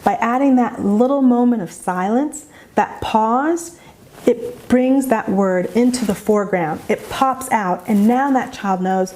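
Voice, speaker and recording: A woman explaining language strategies to parents in a slow, calm, deliberate instructional manner. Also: fairly high pitch. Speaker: educator for parents of young children. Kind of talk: instructional narration.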